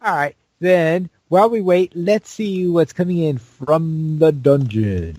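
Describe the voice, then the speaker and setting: A man's voice: fairly high pitch, slow, dark tone, no echo. A man co-hosting a gaming news podcast, giving brief replies and reading out the segment intros. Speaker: podcast co-host. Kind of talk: casual news chat.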